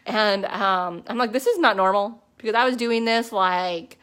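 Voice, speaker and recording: A woman in her thirties tells her own story in a loose, chatty way. She fills her talk with "like" and quick asides. Her voice sits at an ordinary middle pitch and lifts sharply when she quotes herself. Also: clear, resonant tone. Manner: chatty, animated storytelling with many fillers. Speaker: network marketing distributor. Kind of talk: casual personal testimony to a team.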